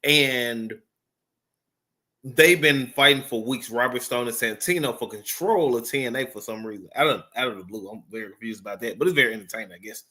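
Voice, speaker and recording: A man's voice: mid-range voice, brisk, pushed and bright. A man giving a casual, rambling wrestling review off the cuff, full of fillers and swearing. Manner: rambling, profane, filler-heavy.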